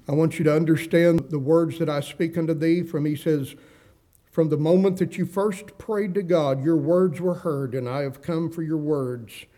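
A male pastor delivers a sermon in a mellow, warm voice that sits a little high for a man. He reads scripture aloud and acts out the quoted speakers, and his pitch rises as he drives a point home. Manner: preaching with scripture readings, rising emphasis and dramatic quoted voices.

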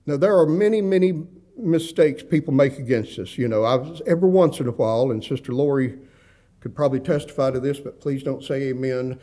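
Folksy male pastor, mellow voice. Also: mid-range voice, moderate pace. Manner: folksy, conversational preaching with asides and humor. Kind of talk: sermon.

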